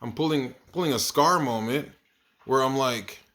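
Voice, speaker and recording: A man's voice: medium pitch, normal speed, a bit bright. A man who teaches kindergarten, telling stories about his class in a casual video diary, rambling and correcting himself and laughing at his own stories. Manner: rambling, self-correcting storyteller.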